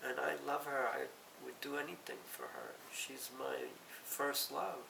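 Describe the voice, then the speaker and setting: Middle-aged woman, slow and halting emotional confession on the verge of tears; distant mic in an echoey room. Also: rumbling low, fairly even intonation, vocal fry. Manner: halting, tearful, self-correcting. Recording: roomy, distant mic, faint hiss.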